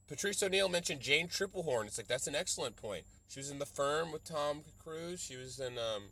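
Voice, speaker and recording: A young adult man hosting a solo podcast, rambling and profane as he riffs, slipping into quick mock voices to quote people. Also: on the high side, animated, a bit bright. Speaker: podcast host. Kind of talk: solo comedic podcast rant.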